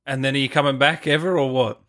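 A man's voice: mid-range voice, fairly even intonation, quick pace, a bit bright. A man with an Australian accent hosting an interview, enthusiastic and matey with casual slang. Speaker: interview host.

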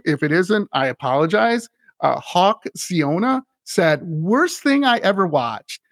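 Man, podcast host, lively casual chat, slightly high voice, dry close sound. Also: vocal fry, no room sound. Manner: animated, laughs often, retells scenes with acted quotes.

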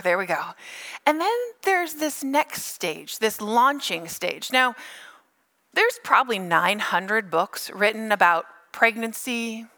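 A middle-aged woman pastor giving a sermon, animated and playful, telling stories with funny asides. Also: medium pitch.

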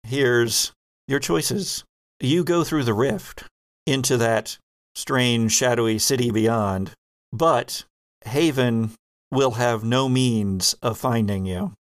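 A man narrating a tabletop horror game as game master, in measured, descriptive narration. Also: medium pitch.

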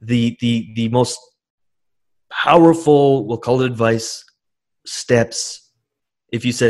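A man's voice: medium pitch, normal speed, a little mellow. A man hosting a podcast, asking long rambling questions with eager enthusiasm. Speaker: podcast host. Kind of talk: interview questions.

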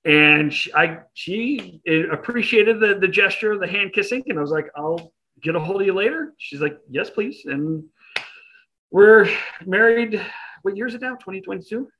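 A man spins a self-deprecating anecdote, acting out the voices of the people in it. His voice is bright and sits a little high. He speaks in a relaxed interview setting. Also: moderate pace, rough recording. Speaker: interview guest. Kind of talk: casual storytelling.

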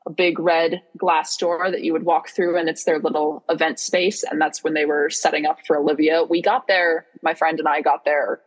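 Young woman, kinda husky and low, telling stories all animated on a podcast. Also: moderate pace, hardly any pauses, rough recording. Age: young adult. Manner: excitable storyteller, animated retelling. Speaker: podcast co-host. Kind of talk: casual chat.

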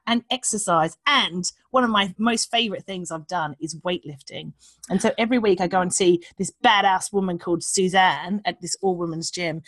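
A woman talking candidly as a guest, frank and animated, swearing freely and acting out the voices she quotes. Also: lowish voice, no room sound. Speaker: podcast guest. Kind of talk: candid conversational chat.

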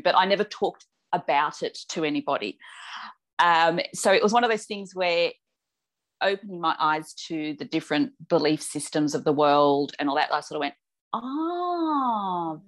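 Chatty woman, lowish voice. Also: fairly even intonation, moderate pace, a bit bright. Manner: chatty storyteller, acts out quoted dialogue. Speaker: clairvoyant medium guest. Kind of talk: casual podcast interview.

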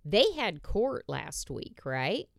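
A woman's voice: on the low side, very animated, takes it slowly, gravelly, no echo. Woman podcaster ranting, lots of cussing, voice jumps all over, dry close sound. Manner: blunt, profane ranting. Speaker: podcast host. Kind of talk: casual chat.

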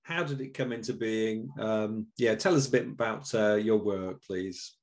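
A man's voice: on the low side, unhurried, a little mellow. A man hosting an online panel, enthusiastic and hesitant, with frequent fillers. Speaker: event host.

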